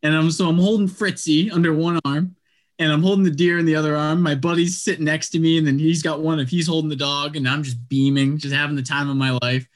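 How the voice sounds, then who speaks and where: A man telling a story in casual conversation, animated and rambling, with a lot of "like" fillers. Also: a little high, fast. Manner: animated, rambling, heavy use of "like".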